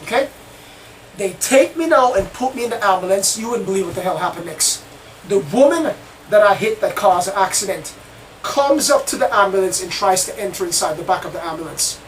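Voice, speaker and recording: A man with a high voice tells a story in the first person, rambling and repeating himself as he goes. He sits some way from the mic, and faint noise hums behind him. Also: animated, brisk, recorded from a distance, rough recording. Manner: rambling, repetitive retelling. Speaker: channel host.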